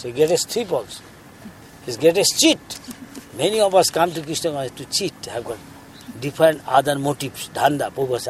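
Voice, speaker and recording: A man's voice: medium pitch, slight background noise. A man giving a spiritual talk, telling stories and questioning his listeners. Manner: animated, laughing, questions the audience. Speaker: spiritual teacher. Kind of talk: sermon with storytelling.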